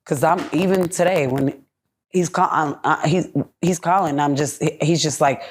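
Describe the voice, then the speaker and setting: A young woman venting in a candid podcast interview, blunt and full of profanity. Her voice sits a little low for a woman. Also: moderate pace. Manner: blunt, profane, heated ranting. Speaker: podcast guest.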